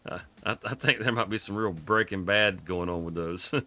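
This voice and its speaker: A man's voice: deep voice, normal speed, sharp tone. A man giving casual, rambling live commentary on a farming game, chuckling often, his voice froggy from coughing.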